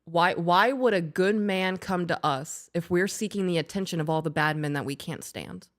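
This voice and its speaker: Laughing through her stories and swearing often, a blunt podcast co-host keeps the chat casual. She has a lowish voice and talks at a moderate pace.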